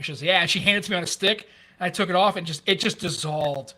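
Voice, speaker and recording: A man's voice: on the high side, quick pace. A man in his fifties from the United States, co-hosting a podcast and telling stories in casual chat, swearing freely. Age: 50s. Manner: animated storyteller, swears freely. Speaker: podcast co-host.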